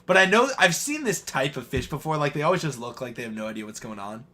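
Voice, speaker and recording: A man's voice: medium pitch, animated, fast, bright, forceful tone, a little hiss or hum. A man co-hosting a live stream, chatting casually about football, rambling and hesitant with frequent laughs. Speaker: podcast co-host.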